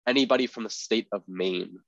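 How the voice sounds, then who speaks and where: A man's voice: fairly low pitch, fairly quick, gravelly, no room sound. A young man co-hosting a podcast, talking in a casual, rambling way with lots of filler words. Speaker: podcast co-host. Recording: dry, slightly dull podcast audio.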